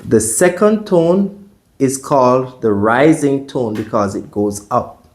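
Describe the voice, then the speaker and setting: A man's voice: mid-range voice, animated. A man teaching a Mandarin pronunciation lesson, explaining the tones step by step and modeling each sound aloud for the learner to repeat. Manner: deliberate, models tones out loud. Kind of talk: slow, careful pronunciation lesson.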